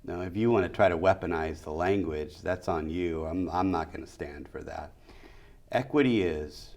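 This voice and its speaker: A man's voice: low-pitched, moderate pace, darkish tone. A middle-aged man, a school superintendent, answering interview questions emphatically and repeating key phrases.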